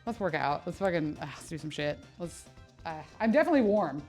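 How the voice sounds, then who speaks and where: A woman's voice: deep voice, brisk, soft background music. A woman who works as a personal trainer, chatting casually and swearing on a live stream while she exercises, laughing at herself often. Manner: animated, swearing, self-mocking, laughs often.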